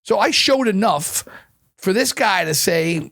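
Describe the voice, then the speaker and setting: A middle-aged man telling animated stories in an interview, profane and repeating words when he gets going. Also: sits high, a little slow, creaky. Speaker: chef and guest. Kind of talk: storytelling interview chat.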